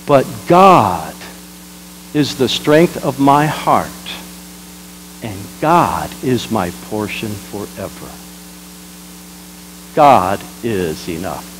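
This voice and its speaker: A man, a pastor, preaching a sermon, jumping between loud exclamations and quiet asides and leading the congregation in repeating lines. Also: fairly low pitch, very animated, extremely slow, long pauses, a little hiss or hum, poor audio. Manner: leads the congregation in call-and-response.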